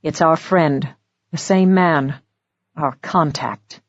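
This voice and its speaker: A dry, protective male spy, as a woman narrator puts him on, speaking in clipped, grim lines. His voice is pitched well below the narration, with a breathy grain. The sound is dry and a little muffled. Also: slow, no room sound, exaggerated voice. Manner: clipped, grim, low delivery.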